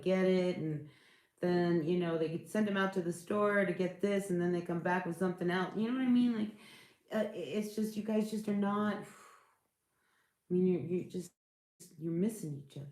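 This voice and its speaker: A woman's voice: fairly low pitch, fairly even intonation, moderate pace, darkish tone, roomy sound. A woman doing a casual tarot reading, rambling and searching for words, reassuring her listeners. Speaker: tarot reader.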